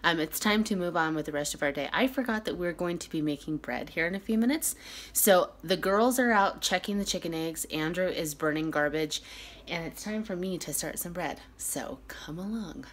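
A woman's voice: fairly low pitch, normal speed. A woman in her thirties, a mother of five, chatting to viewers in a casual home vlog from her kitchen. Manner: chatty, upbeat, talking to viewers. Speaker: family vlogger, mother of five.

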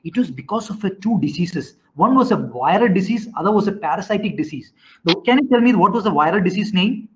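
A man teaching an online class, quizzing students and often repeating himself with halting restarts. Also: high voice, lively intonation, low-quality recording.

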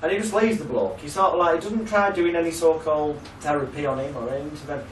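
Male trainer, casual and sweary, slightly high voice, recorded from a distance in an echoey room. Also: fast talker, a little hiss or hum. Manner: swears freely, laughs at own stories, loose and chatty. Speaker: hypnotherapy trainer. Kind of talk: casual storytelling lecture.

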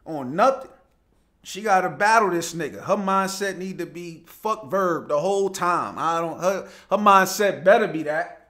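A man's voice: sits high, normal speed, hardly any pauses, pushed and bright. A young man hosting a casual live show, chatting loosely, greeting viewers by name and laughing easily as he reads their comments. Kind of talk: casual livestream chat reading viewer comments.

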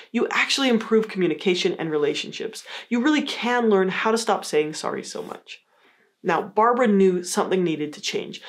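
Woman explaining in a calm teaching voice. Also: mid-range voice. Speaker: psychologist teaching a course. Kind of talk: scripted educational explainer.

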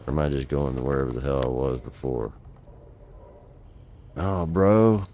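A man's voice: rumbling low, lively intonation, moderate pace, warm tone, a little hiss or hum. A middle-aged man giving exasperated, profane live commentary while playing a game, talking to himself at a desk mic. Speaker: gaming channel host.

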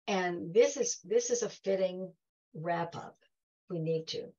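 A woman's voice: fairly low pitch, measured pace, darkish tone, husky, muffled recording. A woman giving a heartfelt talk to an audience, telling stories and acting out quoted dialogue. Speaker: guest speaker.

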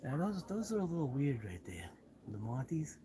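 A man's voice: fairly high pitch, wildly swooping pitch, brisk, mellow, slight background noise. Rambling Massachusetts man touring a hobby shop. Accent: Boston-area Massachusetts, non-rhotic. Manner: rambling, chatty, muttered asides, drops his R's. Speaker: channel host. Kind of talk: live walkthrough vlog. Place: indoors in a large hobby shop.

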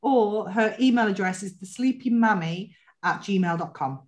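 A woman's voice: mid-range voice, darkish tone. A chatty, teasing woman with a Welsh accent hosts a casual podcast conversation. Her mid-range voice rings in a roomy space. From North Wales. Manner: chatty, teasing, quick to laugh. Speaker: podcast host. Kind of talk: casual chat. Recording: roomy echo.

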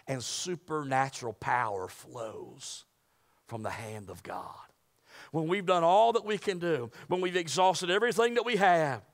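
A man preaching a sermon, swinging from loud emphatic peaks to hushed near-whispers. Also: a little high. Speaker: pastor.

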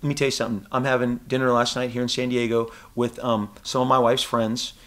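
A man in his forties, a comic book creator, talking excitedly in an interview and acting out quotes in funny voices. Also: medium pitch, fast talker. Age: 40s. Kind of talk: animated casual interview talk. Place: convention interview room.

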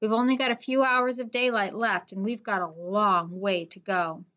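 A woman's voice: medium pitch, steady tone, normal speed, pushed and bright, natural voice. A woman voicing a determined, bossy boy who gives curt orders, on a dull lo-fi recording. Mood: firm. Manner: curt, commanding.

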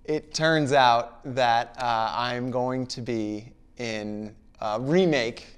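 A man from Connecticut, an actor guest in a casual comedy interview, talking in a self-deprecating, deadpan way. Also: medium pitch, slow, clean tone. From Bridgeport, Connecticut, US.

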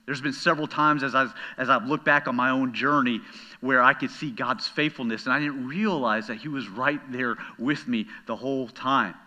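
A middle-aged man, a pastor, preaching a sermon in an earnest way that ranges from hushed comfort to loud storytelling. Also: medium pitch, normal speed.

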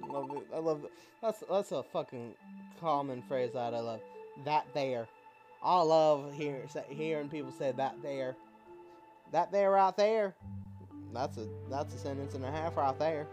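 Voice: mid-range voice, unhurried, darkish tone, soft background music. A gaming YouTuber giving casual let's-play commentary, chatty and swearing freely while musing aloud.

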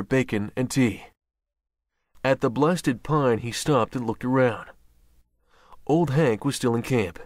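Male audiobook narrator, measured and even, mid-pitched, very dry close-mic read. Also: no room sound. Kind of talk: scripted narration.

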